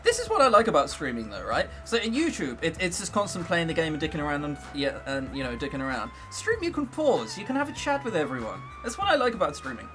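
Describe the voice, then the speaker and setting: A young English man talking casually to his stream audience, joking and teasing himself as he goes. His voice sits a touch high and moves around a lot, and faint music plays behind him. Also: big pitch swings, fast talker, hardly any pauses. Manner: joking, self-mocking, chatty. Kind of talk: casual livestream commentary.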